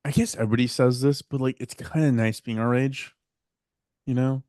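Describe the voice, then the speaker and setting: A man co-hosting a podcast, telling relaxed stories in a casual chat full of "like". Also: medium pitch, fairly quick, dry recording, clean studio sound. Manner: relaxed, anecdotal, lots of "like". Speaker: podcast co-host.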